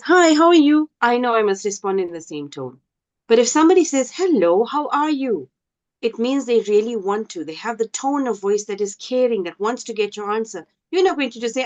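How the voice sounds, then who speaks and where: A woman teaching an online class, speaking slowly and deliberately and often checking whether her students understand. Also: mid-range voice, darkish tone. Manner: slow, deliberate, asks the class questions. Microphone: video call. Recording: dull lo-fi video call audio.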